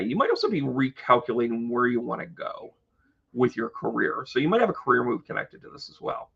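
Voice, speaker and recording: A man's voice: mid-range voice, expressive, fairly quick, gravelly, husky, muffled recording. A man hosting an astrology live stream, chatty and joking, talking to his viewers by name. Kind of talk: casual live stream chat.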